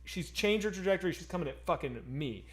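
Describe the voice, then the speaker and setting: A man co-hosting a streamed chat, telling a story in an excitable way and swearing often. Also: sits high, quick pace. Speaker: stream co-host.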